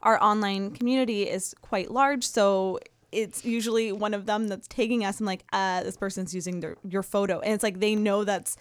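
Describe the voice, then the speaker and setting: A woman's voice: mid-range voice, fairly even intonation, moderate pace, few pauses, clear, resonant tone. A Canadian woman chats as an interview guest, friendly and easygoing. Her voice sounds dry and close, with no room echo. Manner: friendly, conversational, chatty. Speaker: guest, food entrepreneur. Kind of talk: casual interview chat.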